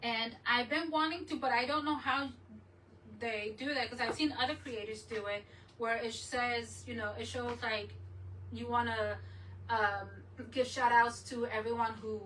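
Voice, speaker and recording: A woman's voice: a little high, fairly even intonation, unhurried, pushed and bright, distant mic, slight background noise, low-quality recording. A woman hosting a crafting channel, chatting casually and rambling as she works, often laughing. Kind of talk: casual live chat while crafting.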